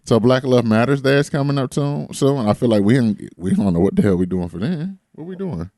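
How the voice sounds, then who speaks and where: A young adult man co-hosting a podcast in casual chat, relaxed and rambling, laughing often. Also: medium pitch, a little fast, no echo, clean studio sound. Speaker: podcast co-host.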